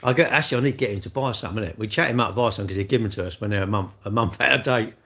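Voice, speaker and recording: A man's voice: lowish voice, racing, sharp tone. A man, chatting cheekily and rambling to his livestream viewers while eating cake with his mouth full.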